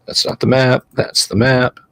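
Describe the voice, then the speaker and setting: A game master narrates a tabletop session at a steady, halting pace. His mid-pitched voice is heard in a dry, close recording. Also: clear, resonant tone, no echo, low-quality recording. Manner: unhurried, halting scene description.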